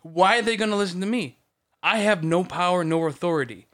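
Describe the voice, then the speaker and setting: A man's voice: high voice, brisk, fairly bright tone. A man in his thirties ranting heatedly in casual podcast chat, swearing often. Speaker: podcast co-host.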